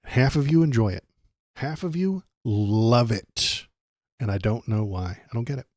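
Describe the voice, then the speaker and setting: A man's voice: medium pitch, a little slow, no room sound, clean studio sound, lightly acted. A man putting on a mocking impression of a pompous male TV news anchor who declares something a bribe. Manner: sarcastic, loud, preening.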